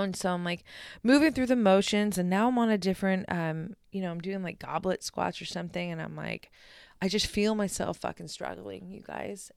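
A woman's voice: fairly low pitch, creaky, clear, resonant tone, no room sound, clean studio sound. A young adult woman hosting a solo podcast, talking candidly and energetically, swearing freely and speaking straight to her listeners. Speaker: podcast host. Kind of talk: casual solo podcast monologue.

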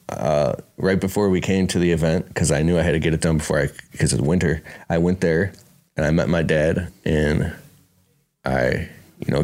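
A man's voice: low voice, darkish tone. A man telling a rambling, emotional personal story in casual speech, saying "bro" and "dude". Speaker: speaker at a business conference.

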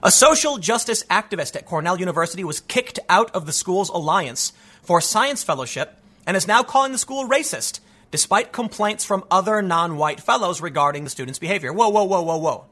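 A man's voice: high voice, animated, a little fast, bright, forceful tone. A man hosting an opinionated news commentary show, reading stories aloud and mocking them with sarcastic, rambling asides.

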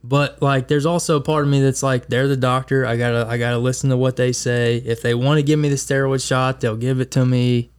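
An easygoing man in a casual podcast chat, asking questions and reacting to stories. His voice is mid-pitched and plain, with a relaxed, conversational flow. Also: fairly quick, few pauses, clear, resonant tone. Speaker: podcast host.

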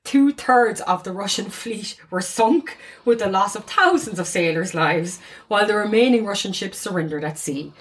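A woman co-hosting a podcast, telling a history story in a chatty, giggly, animated way. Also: mid-range voice, moderate pace, few pauses. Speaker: podcast co-host. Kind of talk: casual storytelling chat.

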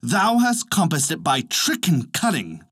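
A man's voice: fairly low pitch, wildly swooping pitch, slow, bright, forceful tone, no room sound, clean studio sound, full character voice. A man voicing a flock of indignant birds in a told folk tale, scolding in old-fashioned speech. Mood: angry. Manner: archaic, scolding.

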